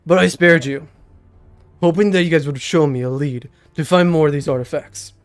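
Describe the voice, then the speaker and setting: A young man voicing a stern, secretive old male mage in a tabletop game, pushing his voice a little lower and groggier than his own, speaking in a measured, grave way. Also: faint music behind, close to an everyday voice. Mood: solemn. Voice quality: slightly lowered, groggy-sounding voice. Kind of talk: game master voicing a character.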